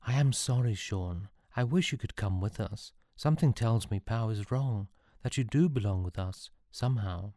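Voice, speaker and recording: Man doing wistful young spirit woman, soft and earnest, raised voice, warm dry tone. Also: fairly low pitch, normal speed, hardly any pauses, no room sound, close to an everyday voice. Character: gentle ageless young woman time-traveler spirit.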